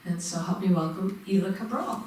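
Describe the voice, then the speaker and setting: A woman's voice: mid-range voice, fairly quick, darkish tone. A woman minister preaches to her congregation, drawing them in with questions. Her voice rings around a very echoey church and sounds picked up from a distance. A faint hum of the room sits underneath. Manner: engaging, asks the congregation questions. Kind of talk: sermon. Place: church sanctuary.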